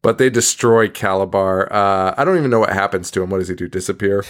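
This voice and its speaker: A man's voice: deep voice, fast. A man co-hosting a podcast in casual chat, sarcastic and swearing freely, often laughing. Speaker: podcast co-host.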